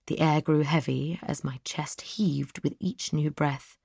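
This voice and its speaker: A woman narrating a first-person audiobook in a measured, even storytelling manner. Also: low-pitched, vocal fry, breathy edge, no room sound.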